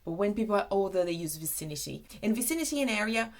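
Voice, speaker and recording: A young Brazilian woman whose first language is Portuguese, teaching British expressions in a chatty, animated video lesson. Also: mid-range voice, fast. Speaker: English teacher.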